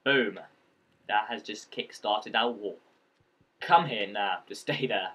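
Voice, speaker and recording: A man's voice: fairly low pitch, slow pace, bright, forceful tone, dull audio. A man giving casual let's-play commentary, rambling and joking and talking to the creatures in the game as he plays. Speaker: gameplay commentator.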